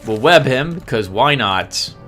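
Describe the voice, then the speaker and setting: A man's voice: medium pitch, animated, slow pace, sharp tone, soft background music. A man giving chatty gameplay commentary as host, laughing often and sounding sheepishly apologetic. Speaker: let's play host.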